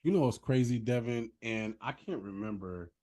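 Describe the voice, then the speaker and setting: A man hosting a casual interview, lively and playful, with slangy asides to his viewers. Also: mid-range voice, moderate pace. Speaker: interview host.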